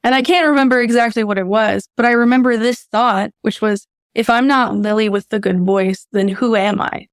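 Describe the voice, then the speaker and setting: Brief: woman voice teacher guest, fairly high and smooth, reflective and self-deprecating, dry sound. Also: steady tone, moderate pace, few pauses, no room sound. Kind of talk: candid podcast conversation.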